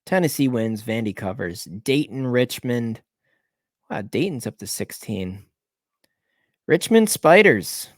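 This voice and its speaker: A man's voice: lowish voice, a little slow, darkish tone, no room sound, clean studio sound. Rambling man thinking aloud over picks. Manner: thinks aloud, rambling, self-correcting, checking scores mid-talk. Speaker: sports betting picks host. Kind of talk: casual solo picks rundown.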